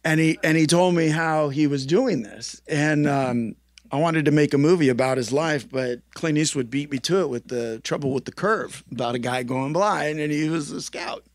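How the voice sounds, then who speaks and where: A man giving a personal memorial tribute, telling stories in an earnest, halting way and acting out remembered dialogue. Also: a little high, no room sound, clean studio sound. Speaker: eulogist at a memorial.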